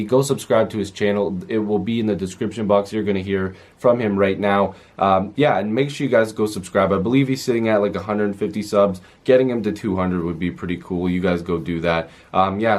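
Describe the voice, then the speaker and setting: A man's voice: lowish voice, fairly even intonation, a little fast, a little mellow. A man recapping a hockey game in a chatty, rambling way with many fillers. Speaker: hockey fan video host.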